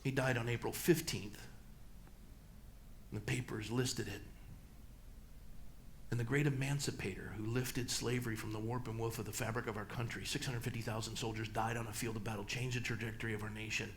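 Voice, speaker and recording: A middle-aged man, a pastor speaking in a church, talking emphatically and swinging between loud peaks and low, slow passages. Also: steady tone, slight background noise. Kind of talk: church talk and Q&A answer. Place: church hall.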